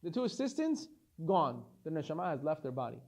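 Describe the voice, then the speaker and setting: A man's voice: on the high side, fairly quick. A man teaching a Torah lesson as a rabbi, telling stories with animation and acting out the dialogue. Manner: animated storytelling, acts out dialogue.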